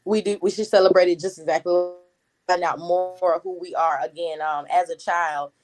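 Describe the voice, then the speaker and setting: A woman in her thirties with a Gullah Geechee accent, a talkative community activist answering interview questions in a steady flow. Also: lowish voice, music in the background, rough recording. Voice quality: talkative, words flow quickly.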